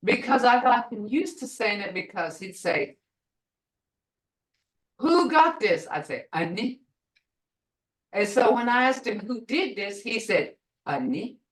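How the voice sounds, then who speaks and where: A woman teaching a beginner language class over a video call, slowly sounding out each syllable for her students. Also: fairly high pitch. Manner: slow, deliberate, sounding out syllables.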